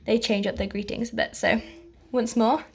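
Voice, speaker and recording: A young woman teaching an online language lesson, patient and clear, pausing to let learners repeat after her. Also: on the high side, steady tone. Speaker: French teacher.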